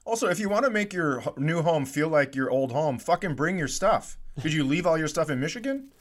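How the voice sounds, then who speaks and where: A man co-hosting a podcast, cutting in with quick jokes and short replies in casual chat. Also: fairly high pitch. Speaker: comedian podcast co-host.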